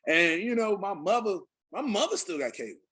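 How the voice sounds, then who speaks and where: A man's voice: high voice, sing-song, a little fast, sharp tone, slightly rough. A young adult man on a podcast, telling casual, profane stories with lots of fillers. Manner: loose, profane storytelling with many fillers. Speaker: podcast host. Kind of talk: casual chat.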